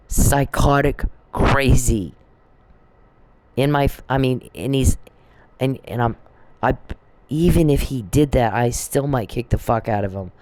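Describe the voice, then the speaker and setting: A woman's voice: very deep voice, dark tone, slight background noise. A middle-aged woman in a casual monologue, agitated, swearing and rambling as she vents. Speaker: vlogger.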